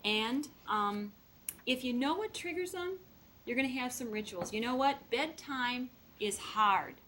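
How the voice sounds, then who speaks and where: A woman's voice: a little high, a little slow, a little hiss or hum. A middle-aged woman giving a lecture to foster parents and acting out the voices in the stories she quotes. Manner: lively, acts out quoted voices. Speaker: speaker training foster parents.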